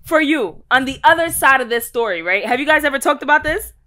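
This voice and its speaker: Female podcast host; high, sharp-toned voice, playful and quick with follow-up questions. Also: animated. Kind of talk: casual interview chat.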